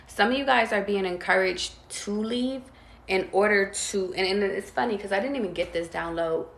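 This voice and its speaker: Gravelly-voiced woman giving a tarot reading. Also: mid-range voice, roomy sound. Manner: calm, drawn-out, talks straight to viewers. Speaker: tarot reader.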